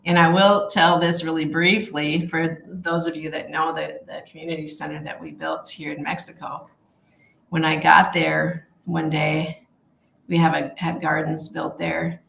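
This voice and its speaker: A woman leading a casual Bible study, talking in a heartfelt, halting way with many fillers and restarts. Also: deep voice, little pitch movement, creaky, fairly bright tone, reverberant, low-quality recording.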